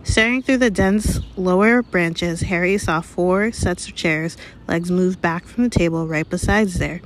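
A woman reading a chapter of a novel aloud in a measured, even storytelling manner. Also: on the low side, a little hiss or hum. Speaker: reader. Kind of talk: read-aloud audiobook narration.

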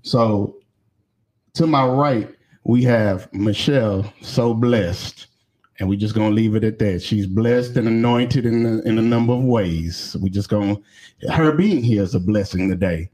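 A man's voice: fairly low pitch, a little slow. A man hosting a podcast in casual chat, loose and joking. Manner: loose, joking, shouts out to viewers. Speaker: podcast host.

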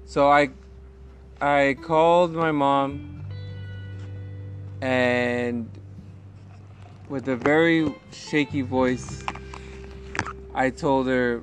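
A man speaking candidly as a podcast guest, halting and restarting often as he tells a personal story. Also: mid-range voice, steady tone, over music. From California. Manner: halting, with many restarts and pauses. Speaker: guest sharing recovery story. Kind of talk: candid conversational interview.

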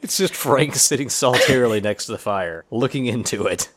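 A man from Kentucky co-hosting a podcast, throwing in dry, deadpan jokes in casual chat. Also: medium pitch, brisk, slight background noise. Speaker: podcast co-host. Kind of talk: casual chat recapping a TV episode.

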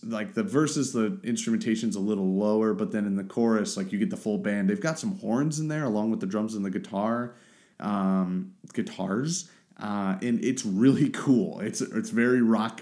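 A man's voice: fairly low pitch, moderate pace, a little mellow. A man hosting a solo podcast, talking casually and rambling as he searches for the right words. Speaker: podcast host.

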